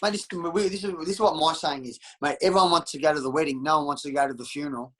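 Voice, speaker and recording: A man's voice: a little high, quick pace, fairly bright tone, low-quality recording. A middle-aged Australian man talking bluntly and profanely in a candid interview, calling everyone mate. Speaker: interview guest.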